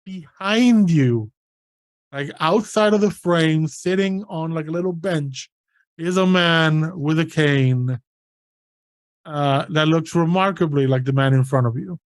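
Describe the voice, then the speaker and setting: Game master narrating, mid pitch, casual fillers, dry close mic. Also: measured pace, no room sound. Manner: relaxed, uses many fillers like "like".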